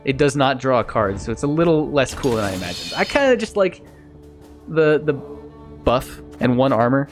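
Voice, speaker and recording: A man streaming a video game, thinking aloud in a casual, self-mocking way and getting easily excited. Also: medium pitch, normal speed, soft background music. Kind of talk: casual let's-play commentary.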